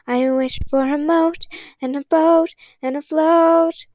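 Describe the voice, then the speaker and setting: A woman's voice: high-pitched, animated, normal speed, darkish tone, no room sound, pitched above the performer's own voice. Woman doing a sing-song little sister. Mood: sing-song teasing. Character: chirpy pretty little sister girl, pestering.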